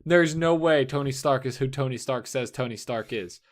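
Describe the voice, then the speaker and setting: A man's voice: medium pitch, normal speed. A man co-hosting a casual movie podcast, joking and arguing playfully. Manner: joking, argumentative, laughs often. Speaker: podcast co-host. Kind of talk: casual chat.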